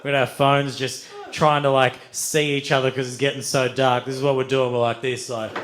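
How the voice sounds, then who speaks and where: A young man doing stand-up, telling a wild story with lots of swearing and sudden loud acted-out outbursts. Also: mid-range voice, fairly quick, a crowd in the background. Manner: animated, swears freely, acts out voices with loud outbursts. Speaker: stand-up comedian. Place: comedy venue stage with audience.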